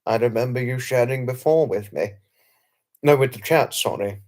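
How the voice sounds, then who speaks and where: A man's voice: medium pitch, moderate pace, a little mellow. Guy doing a late night live stream, mid voice, chatty, keeps repeating himself, thanking people in chat. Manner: chatty, repeats phrases, lots of thanks and hellos to viewers, chuckles often; polite, slightly formal wording with restarts. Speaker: livestream host. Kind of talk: casual live stream chat, reading and answering viewer comments.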